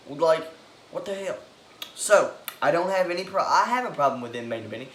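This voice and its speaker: A man giving an excitable, opinionated monologue, swearing and breaking into loud outbursts. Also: fairly high pitch, brisk, a little hiss or hum. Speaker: wrestling commentator giving predictions. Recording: echoey room with faint ambience.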